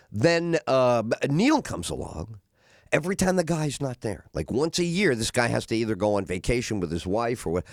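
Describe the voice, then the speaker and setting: Middle-aged male talk host, rambling monologue, very lively pitch, dry booth sound. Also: normal speed, no room sound. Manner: rambling, animated, acts out voices of others. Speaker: radio talk show host. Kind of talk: casual monologue.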